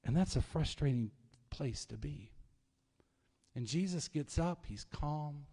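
A man preaching a sermon as pastor, telling stories in a lively, conversational way. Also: on the high side, slow, breathy edge. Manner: storytelling, animated, conversational preaching. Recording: long hall reverb.

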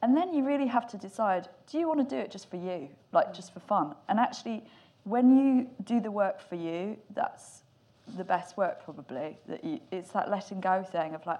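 A woman's voice: mid-range voice, moderate pace. A woman speaking as a guest filmmaker on a panel in front of a live audience. She talks openly and with energy and swears now and then. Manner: candid, animated, swears casually. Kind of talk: panel discussion.

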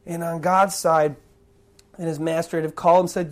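Preacher, sermon, emphatic, verse-by-verse explaining, mid pitch. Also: level tone, normal speed. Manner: emphatic, reads verses then explains, stresses key words.

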